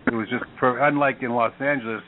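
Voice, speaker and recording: A man's voice: mid-range voice, fairly even intonation, fast, very noisy. An older man hosting a call-in radio show, talking bluntly, sarcastic and profane. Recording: phone-like line.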